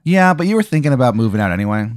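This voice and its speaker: A man's voice: medium pitch, big pitch swings, very fast, dry recording, clean studio sound. A man narrating an improvised tabletop game as game master, in a loose, rambling, playful way.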